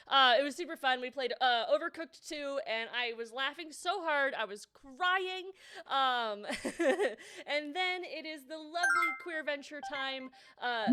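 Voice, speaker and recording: A woman's voice: sits high, pushed and bright, clear, resonant tone. A woman livestreaming with a slightly nasal voice, chatting casually and greeting viewers by name.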